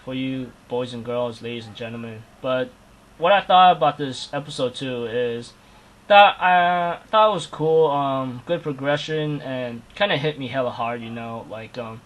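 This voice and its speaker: A man's voice: mid-range voice, normal speed, poor audio. Casual male anime reviewer, rambling and slangy, lots of fillers.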